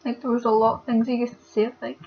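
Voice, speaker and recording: A young woman, speaking haltingly and with many fillers as she talks upset into her camera for a vlog. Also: on the high side, little pitch movement. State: upset and hurt. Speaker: vlogger. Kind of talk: casual confessional vlog. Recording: dull lo-fi webcam audio.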